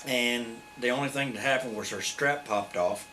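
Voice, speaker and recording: In a mid-range voice at an ordinary pace, a drawling man in his fifties recounts blunt, profane stories with animated flair. He's an ex-wrestler being interviewed as a guest in a shoot interview, and there's faint noise in the background.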